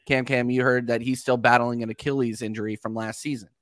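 Measured man weighing in on football. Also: medium pitch, flat delivery, fairly bright tone, no room sound, clean studio sound. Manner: measured, hesitant with ums and restarts. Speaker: football panel guest. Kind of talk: casual football chat.

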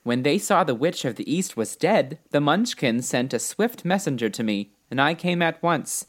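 A man voicing a small, kind old woman who is a good witch, speaking calmly and reassuringly in a storybook reading. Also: fairly high pitch, moderate pace, pitched above the performer's own voice. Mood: kindly. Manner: calm, gently reassuring.

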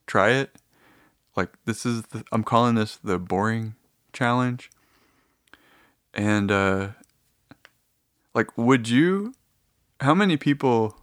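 A man hosting his own podcast, talking off the top of his head with many fillers and restarts, now and then jumping into high, silly voices. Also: fairly bright tone, no echo, studio quality. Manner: rambling, lots of fillers and restarts; slips into high mock-emotional voices for imagined listeners. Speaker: podcast host. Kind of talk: rambling solo podcast.

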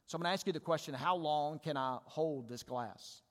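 Conversational pastor preaching in a reverberant church. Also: male voice, fairly high pitch, fairly quick. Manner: conversational, animated, asks the congregation questions. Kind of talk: sermon. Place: church sanctuary.

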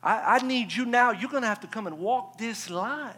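A man doing a brisk, firm traffic cop. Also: extremely high pitch, fairly bright tone, breathy edge, exaggerated voice. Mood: stern. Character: patrolling police officer, growing frustrated. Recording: echoey church hall.

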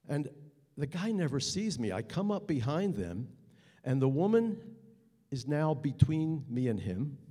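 A man's voice: medium pitch, mellow, big-room sound. Earnest man telling a story live. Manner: earnest, halting pauses, building tension. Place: theater stage.

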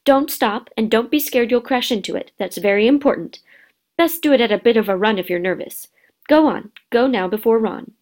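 A woman voicing a kind, plump mother giving gentle directions in a storybook reading. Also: fairly high pitch, a little fast, lightly acted. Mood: kindly.

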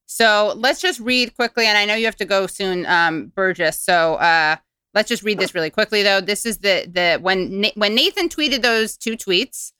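Bright, crisp-voiced woman host. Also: medium pitch, moderate pace, dry recording. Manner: animated, sardonic, asks questions. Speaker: podcast host. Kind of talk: casual chat and reading aloud.

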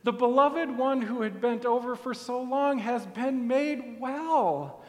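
A man preaching a sermon in a church, telling the story softly and deliberately. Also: very high voice. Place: church sanctuary. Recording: long hall reverb.

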